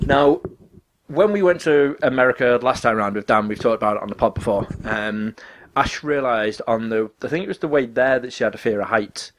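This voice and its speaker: A man co-hosting a casual podcast, telling stories with energy. He jumps into loud, lively impressions of the people he quotes, and his pitch sits in a middle range. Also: a little fast, a little hiss or hum. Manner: animated storyteller, acts out quotes loudly. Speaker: podcast co-host. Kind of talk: casual chat.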